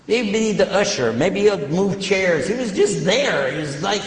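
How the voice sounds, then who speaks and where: An older man preaching to an audience, telling stories in an animated way into a handheld microphone. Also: high voice, measured pace. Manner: storytelling, animated when retelling events. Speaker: preacher answering questions. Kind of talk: public talk to an audience. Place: large hall. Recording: echoey hall, long reverb.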